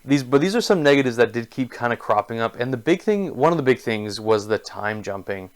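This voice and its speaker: A man's voice: medium pitch, animated, fairly quick. A man giving a casual spoken book review, enthusiastic and gushing, with lots of filler words.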